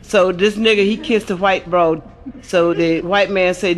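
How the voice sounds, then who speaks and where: A woman's voice: on the low side, fairly even intonation, moderate pace, noisy background. Brash bawdy woman comedian. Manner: brash, bawdy punchline delivery. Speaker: stand-up comedian. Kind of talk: raunchy stand-up storytelling and bawdy rhymes. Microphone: comedy album recording.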